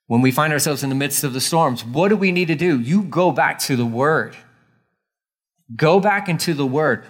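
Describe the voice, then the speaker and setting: A man's voice: mid-range voice, animated, a little slow, a bit bright. A man giving a sermon as a pastor, casual and emphatic, repeating key lines for weight.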